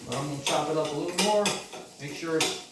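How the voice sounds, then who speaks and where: A man's voice: fairly high pitch, fast talker. A man chatting in a folksy way as he walks through cooking a dish step by step in his kitchen. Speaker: home cook. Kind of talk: casual cooking demonstration. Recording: echoey room, mic far off, cooking noise.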